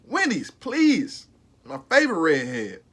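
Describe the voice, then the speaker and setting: Lively, profane man ranking burgers. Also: fairly high pitch, unhurried, slightly rough. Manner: emphatic, slangy and profane, repeats himself. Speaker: food reviewer vlogger. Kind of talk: casual ranking review.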